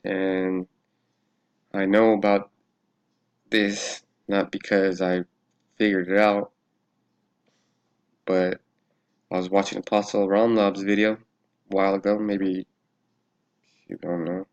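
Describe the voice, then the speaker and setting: Low-voiced man in a loose religious vlog. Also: flat delivery, slow, long pauses. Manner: loose and swearing, laughs often, thinks aloud. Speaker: religious vlogger. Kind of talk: casual religious vlog with Bible study.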